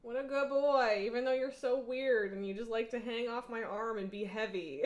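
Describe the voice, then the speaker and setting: A woman streaming a game from her home room, chatting loosely and breaking into laughs. She has a fairly high voice and slips into cooing baby talk with her cat. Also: moderate pace, darkish tone. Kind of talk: casual live-stream chat while gaming. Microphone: headphones on, desk setup.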